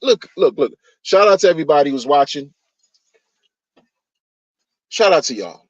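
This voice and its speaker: Guy ranting about crypto haters, kinda high voice, mocking and worked up, muffled dry mic. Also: normal speed, long pauses, dry recording. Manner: exasperated, mocking, animated. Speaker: crypto vlogger. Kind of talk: ranting commentary. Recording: dull dry lo-fi recording.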